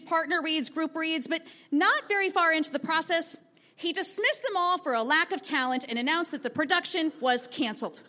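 A woman teacher telling a lively story from her classroom to an audience, acting out the voices of the people in it. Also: high-pitched. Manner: lively, animated storytelling with acted quotes.

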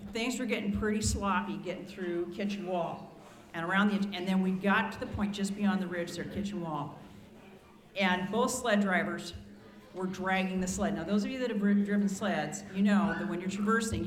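A woman in her sixties, a retired ski patroller, telling lively anecdotes to a gathering, with asides and restarts. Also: lowish voice. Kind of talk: storytelling to a gathering. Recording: echoey room.

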